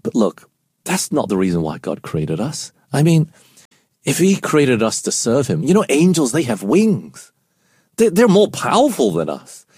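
A man's voice: mid-range voice, huge pitch swings, a little slow, a little mellow, husky, no echo, clean studio sound. A man co-hosting a casual Bible study show, explaining verses and asking his co-host questions.

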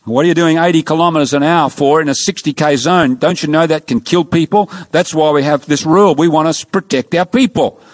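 A man's voice: a little high, fairly quick, few pauses, no room sound, clean studio sound, close to an everyday voice. A man voicing a stern, fatherly male traffic cop who scolds a speeding driver. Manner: scolding, then lenient.

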